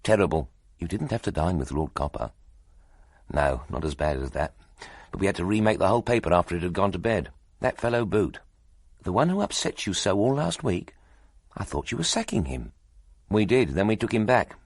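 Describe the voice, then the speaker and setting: A man's voice: deep voice, big pitch swings, a little fast, slightly rough, dry recording, clean studio sound, heavily acted. A man voicing a meek, fretful middle-aged editor who speaks mildly and apologetically. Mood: weary. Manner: mild and apologetic.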